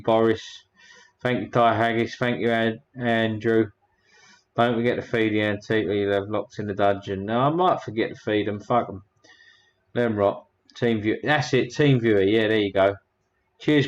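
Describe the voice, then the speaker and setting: A man's voice: fairly low pitch, steady tone, moderate pace, dull audio. A man hosting a casual livestream, rambling and a bit crude as he thanks his chat one by one. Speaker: livestream host.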